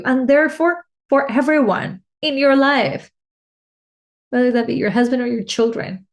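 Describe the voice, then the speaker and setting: A woman life coach, voice on the high side and a little mellow, speaks at a moderate pace in her reflective solo podcast. She discusses personal needs and connection with heartfelt emotion, often starting phrases again.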